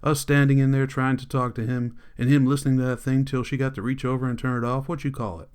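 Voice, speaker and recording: A man's voice: mid-range voice, flat delivery, fast talker, a little mellow, clear, resonant tone, natural voice. A man doing a stubborn old country preacher. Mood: indignant. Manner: preachy, insistent, rural Southern speech. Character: stern older male country preacher, righteous and stubborn.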